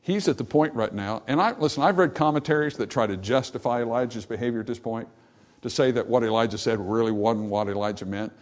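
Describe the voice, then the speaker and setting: A man preaching a sermon, animated and acting out the voices in the scripture passage, then dropping to softer, reflective tones. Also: mid-range voice, fast talker. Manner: animated, acts out dialogue from scripture. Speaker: pastor.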